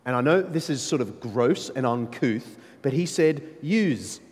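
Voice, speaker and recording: A man preaching a sermon, emphatic and animated, with playful asides to his listeners. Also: mid-range voice, moderate pace. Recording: long reverb of a large hall.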